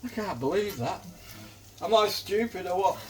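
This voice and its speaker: A man's voice: high voice, lively intonation, moderate pace, darkish tone. Chatty older Manchester man cooking. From England. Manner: chatty, swears casually, chuckles often. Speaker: cooking vlogger. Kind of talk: casual chat while cooking.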